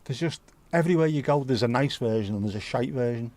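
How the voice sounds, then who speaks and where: A man's voice: mid-range voice, quick pace, a little mellow. Blunt man hosting a live chat. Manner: blunt, opinionated, swears freely. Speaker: livestream host. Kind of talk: casual chat reading viewer comments.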